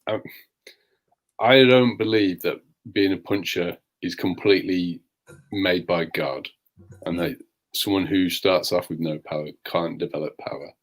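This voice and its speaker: A man on a live show calmly giving his opinions on boxing. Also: sits low. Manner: measured, opinionated. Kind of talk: casual boxing analysis.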